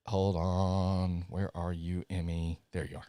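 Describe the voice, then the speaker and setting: A man's voice: sits low, flat delivery, a little slow, hardly any pauses, darkish tone, no echo, studio quality. A man with a Southern accent hosting a live podcast stream, chatty and apologetic while fixing tech. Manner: chatty, apologetic, laughs often. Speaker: podcast host. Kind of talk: casual live-stream chat.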